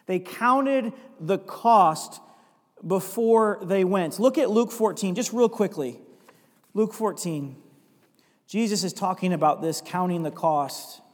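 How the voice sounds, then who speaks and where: A man delivers a sermon in a noticeably high voice, swelling into emphatic, repetitive runs before sinking into quiet, confessional asides. He reads scripture aloud between points. The sound carries a long hall reverb around him. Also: takes it slowly. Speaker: pastor.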